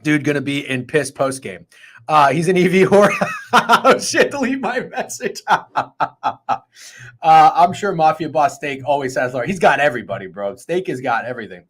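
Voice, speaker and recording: Excitable, foul-mouthed man hosting a betting show. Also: on the high side, moderate pace. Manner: excitable, profane and rambling. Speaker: sports betting show host. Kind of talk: casual sports betting chat.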